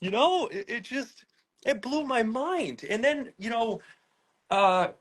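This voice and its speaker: A man's voice: extremely high pitch, lively intonation, takes it slowly, a bit bright. A man, talking through his house in an emotional interview, upset and close to tears, repeating words, restarting sentences and swearing. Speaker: pet owner interviewed about a raid.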